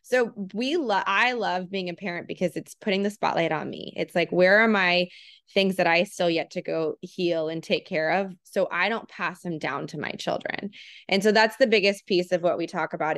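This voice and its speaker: A woman's voice: on the low side, dry recording. Earnest woman with a dry close sound. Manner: earnest, animated, acts out quoted voices. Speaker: parenting program co-founder, guest. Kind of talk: casual podcast conversation.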